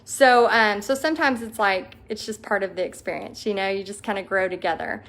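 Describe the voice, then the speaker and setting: A woman's voice: mid-range voice, brisk, a bit bright. A woman hosting a casual livestream, chatting through viewer comments with bubbly enthusiasm and frequent ums. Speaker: host of a paint party business livestream.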